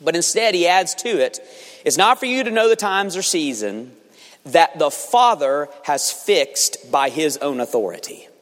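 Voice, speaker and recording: A man preaching a sermon as a pastor, speaking earnestly and building force for emphasis, with some restarts. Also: fairly high pitch. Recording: long reverb of a large hall.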